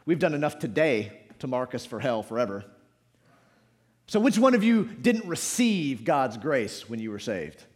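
A man preaching a sermon in a church, swinging between loud shouts and quiet low asides. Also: very animated, moderate pace. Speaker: pastor. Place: church sanctuary.

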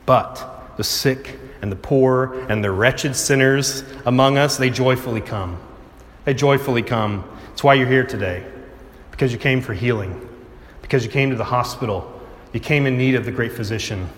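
Impassioned young male preacher in a hall. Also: normal speed. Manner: impassioned, rising to urgent pleas then dropping low and soft. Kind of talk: sermon. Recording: echoey hall.

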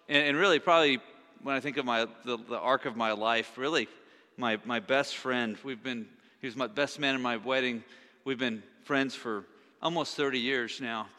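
Bright-voiced male pastor in a hall. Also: medium pitch. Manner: conversational, repeats words as he restarts. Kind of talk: sermon. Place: church sanctuary. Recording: reverberant church hall.

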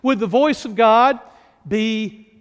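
Unhurried and measured, a North Carolina pastor delivers his sermon in a voice that sits high for a man, with lively intonation. He relies on many rhetorical questions to draw listeners in, and a long reverb trails each phrase as if in a large hall.

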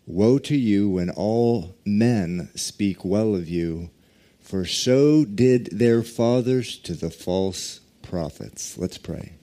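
Male pastor, sermon delivery, low mellow voice, unhurried. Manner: slow, deliberate preaching with drawn-out emphasis and quiet prayer.

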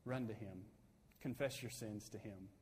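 A male pastor preaching a sermon, swinging from loud, emphatic peaks down to soft, quiet pleading. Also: on the low side, moderate pace, a little hiss or hum. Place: church sanctuary. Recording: long hall reverb.

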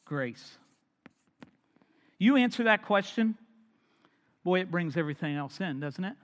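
A man preaches a sermon in a fairly high voice, rising to loud emphatic points and then dropping to quiet, almost whispered lines. His voice rings out in a big hall with a long, lingering reverb. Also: lively intonation, normal speed. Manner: dynamic, swings from loud emphasis to hushed near-whispers. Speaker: pastor.

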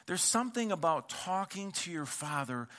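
A male pastor delivers a sermon with a bright, forceful tone, pitched a little above the usual for a man. He talks casually, with slang and repeated words, and brings his stories to life by acting out the people he quotes. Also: moderate pace. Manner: animated storytelling, acting out quoted voices.

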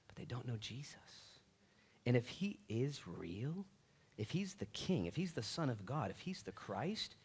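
Animated man preaching a casual sermon. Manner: animated, acts out quotes with big pitch and volume swings; casual, conversational phrasing. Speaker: pastor.

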